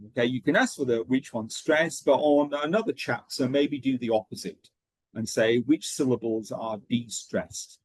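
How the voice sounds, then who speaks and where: A man's voice: mid-range voice, a little mellow, slightly rough, no room sound. A man training teachers, explaining pronunciation methods step by step and checking in with a frequent "okay?".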